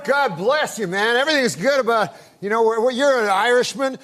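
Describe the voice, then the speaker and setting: A man telling a long joke as a talk show guest, deadpan and rambling, with many restarts, on a TV studio stage. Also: very high voice, brisk, hardly any pauses. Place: late-night TV studio with audience.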